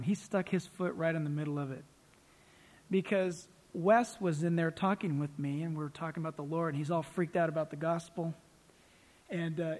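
A male pastor preaching a sermon in a lively storytelling manner, acting out the people he quotes. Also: high-pitched. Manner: animated storytelling, acts out quoted voices. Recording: long hall reverb.

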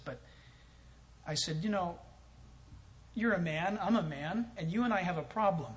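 A man's voice: high-pitched, normal speed, long pauses. A man telling a story in a sermon as a pastor, acting out both sides of a conversation and chuckling often.

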